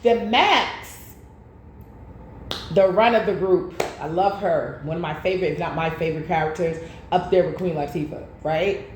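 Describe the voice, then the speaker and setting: A woman tarot reader in casual chat, telling stories in an animated way with slang. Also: on the low side, moderate pace. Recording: echoey room with faint noise.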